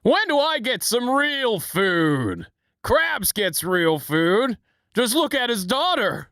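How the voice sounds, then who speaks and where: A man voicing a tiny, scheming male cartoon villain who complains in a high, drawn-out voice. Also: sing-song, bright, forceful tone, dry recording, clean studio sound, full character voice. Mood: whiny.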